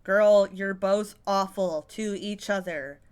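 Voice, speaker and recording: A woman's voice: medium pitch, slow pace, smooth. A woman hosts a reaction commentary in a mid-range voice. She talks in an exasperated, sarcastic way, swearing casually as she picks apart what she hears. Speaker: commentary channel host.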